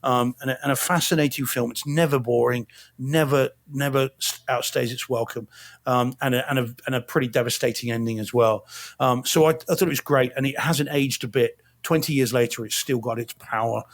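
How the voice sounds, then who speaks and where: A man's voice: medium pitch, steady tone, fairly quick. A man co-hosting a home theater podcast, reviewing a film in casual chat with lots of ums and restarts. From not from Boston. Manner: chatty, many fillers and restarts.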